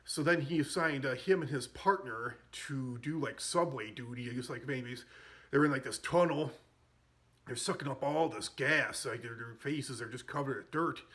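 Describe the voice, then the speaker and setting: A man's voice: medium pitch, normal speed, a bit bright. A man casually recapping a comedy film, rambling and amused, with frequent fillers and self-corrections. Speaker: movie reviewer.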